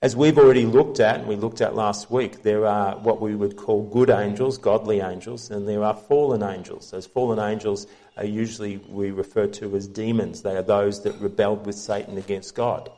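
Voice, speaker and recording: A man preaching a sermon as pastor, teaching from the Bible in an earnest, measured way. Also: on the low side, steady tone, mellow.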